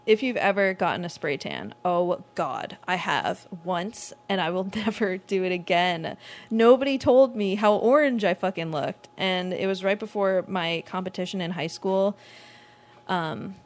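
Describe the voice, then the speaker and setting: A woman in her twenties hosts a casual solo podcast, rambling, laughing a lot, and swearing freely while lightheaded from not eating. Her voice is lowish and expressive, with a measured pace.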